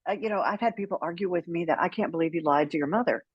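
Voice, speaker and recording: A middle-aged woman, a guest author, telling candid stories in an animated way and acting out quoted lines. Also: on the low side, very fast, breathy edge, no room sound, lo-fi sound. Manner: animated, acts out quoted dialogue with laughs. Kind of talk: candid conversational storytelling.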